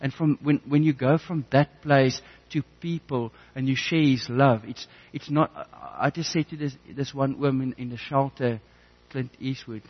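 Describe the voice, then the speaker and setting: A man preaches earnestly, weaving a personal story into his message. He often stumbles and repeats words as he restarts his sentences. His pitch sits in the middle, and the recording sounds a little dull. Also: normal speed, few pauses. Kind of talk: sermon with personal testimony.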